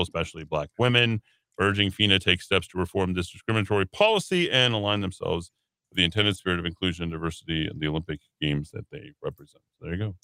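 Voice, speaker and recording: Sarcastic male talk radio host, bright tone. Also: low voice, smooth, dry recording. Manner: reads headlines then adds sarcastic asides. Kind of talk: casual talk radio, reading news.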